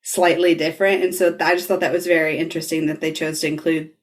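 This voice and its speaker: A woman hosts a podcast with a somewhat low voice. She retells a scene in casual talk, laughs often and swears freely. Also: flat delivery, fast. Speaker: podcast host.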